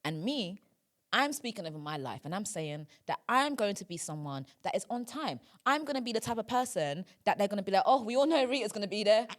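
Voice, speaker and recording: A young woman hosting a podcast in casual chat, chatty and quick to laugh. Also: mid-range voice, sing-song. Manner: chatty, laughing, repeats yeah. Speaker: podcast host.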